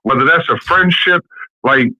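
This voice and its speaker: A man's voice: a little high, normal speed, bright, forceful tone, no room sound. A man ranting bluntly and with plenty of profanity in a casual podcast chat, calling in from a bathroom at home. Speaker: podcast guest. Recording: dull lo-fi call audio.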